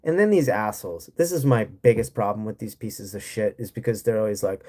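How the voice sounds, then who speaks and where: Fairly quick and warm, with a lowish pitch, this American livestream host delivers a casual rant, blunt, profane and sarcastic, as he reads chat and responds.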